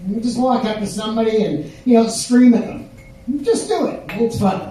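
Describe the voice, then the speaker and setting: A man's voice: high voice, brisk, heavy reverb, recorded from a distance, slight background noise, rough recording. Rambling older man on a pub stage. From Canada. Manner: rambling deadpan delivery with many fillers. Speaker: stand-up comedian. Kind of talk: stand-up set.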